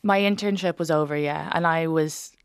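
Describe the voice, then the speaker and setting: A woman comedian chatting in an interview, telling animated stories quickly with bursts of laughter. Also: low voice, clean tone, no echo, studio quality. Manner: fast, animated, laughing storyteller. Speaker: stand-up comedian, guest. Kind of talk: casual interview chat, storytelling.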